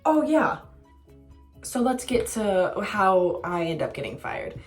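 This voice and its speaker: A woman's voice: mid-range voice, sing-song, takes it slowly, faint music behind. A young woman telling a casual storytime vlog, candid and self-mocking, swearing freely. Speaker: vlogger.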